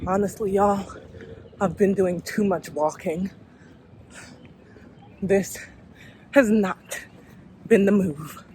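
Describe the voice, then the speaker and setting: A woman's voice: mid-range voice, steady tone, slow, pauses often, a little mellow, slight background noise. Chatty young woman vlogging. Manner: chatty, addresses viewers as y'all. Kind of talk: casual vlog chat. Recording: roomy echo.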